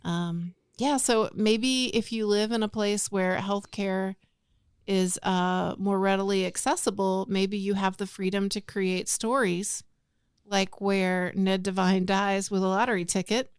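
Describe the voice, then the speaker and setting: Woman podcast cohost rambling along, smooth clear voice, dry close mic. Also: mid-range voice, flat delivery, a little slow, no room sound. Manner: chatty, rambling. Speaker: podcast co-host. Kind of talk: casual chat.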